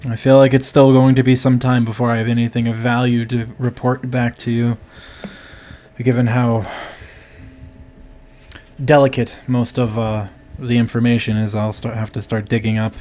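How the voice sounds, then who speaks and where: A man's voice: mid-range voice, completely flat delivery, normal speed, mellow, slight background noise, natural voice. A man voicing a sly noblewoman sister who needles her brother in a dry, wry way, in a tabletop role-play. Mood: calm. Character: sly teasing noblewoman sister, female adult.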